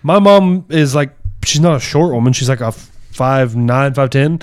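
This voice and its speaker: A young man from Tennessee, chatting casually on a podcast and telling profane, animated stories. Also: medium pitch, unhurried, clean tone, no echo. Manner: profane storyteller, animated retelling. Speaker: podcast co-host. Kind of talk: casual chat.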